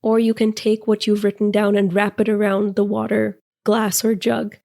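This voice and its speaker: A woman's voice: mid-range voice, flat delivery, moderate pace, gravelly, dark tone. A woman hosting a podcast, talking through a guided ritual in an earnest, gushing and emotional way. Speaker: podcast host.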